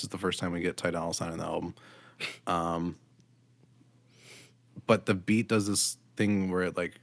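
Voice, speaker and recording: A man's voice: sits low, no echo. A man co-hosting a podcast, giving a blunt, critical album review in casual chat with frequent ums. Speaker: podcast co-host.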